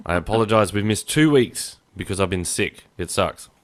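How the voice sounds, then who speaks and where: A man hosts a casual podcast. His voice sits low but swoops lively and animated, and he rambles along, poking fun at himself. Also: normal speed. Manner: chatty, rambling, self-deprecating jokes. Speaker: podcast host.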